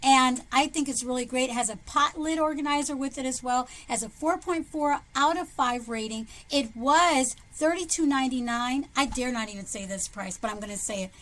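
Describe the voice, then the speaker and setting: A woman presenting shopping deals in a chatty, excitable vlog, her voice jumping up when she hypes a sale. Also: moderate pace, few pauses, a little hiss or hum. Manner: chatty and excitable, jumps in pitch to hype sales. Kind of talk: enthusiastic product showcase vlog. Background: background music.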